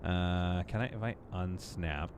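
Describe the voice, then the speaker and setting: A man's voice: low-pitched, measured pace, background noise. A man streaming live gameplay, chatting casually to his viewers and to the game as he builds. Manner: chatty, talks to the game and to chat, playful asides.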